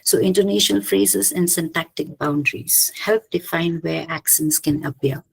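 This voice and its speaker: A woman giving an academic slide presentation, hesitant, often pausing with "okay" and restarting her phrases. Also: low-pitched, gravelly, husky, rough recording. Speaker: conference presenter.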